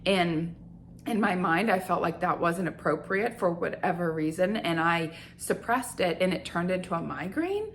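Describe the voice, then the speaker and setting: A woman's voice: fairly low pitch, expressive, slight background noise. A young adult woman hosting her own show, telling a personal story in an earnest, reflective way. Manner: earnest, reflective, slows down on feelings. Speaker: host.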